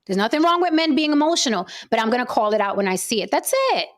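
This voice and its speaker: A young adult woman hosting a heated panel discussion, firm and steady as she talks over interruptions to keep control. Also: fairly high pitch, fast talker. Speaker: panel show host.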